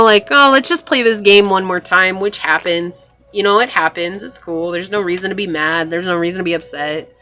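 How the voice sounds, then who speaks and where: Bright-voiced chatty tarot reader woman. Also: medium pitch. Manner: chatty, reassuring, full of fillers. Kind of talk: pick-a-card tarot reading.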